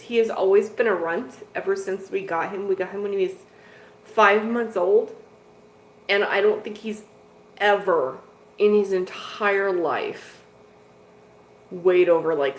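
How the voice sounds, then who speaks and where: A woman's voice: mid-range voice, unhurried, long pauses. Woman, casual live-stream chat, rambling and chatty, echoey room, faint background noise. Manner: rambling and chatty, with lots of "like" and "dude". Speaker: host of a fish-keeping live stream. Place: home room with fish tanks.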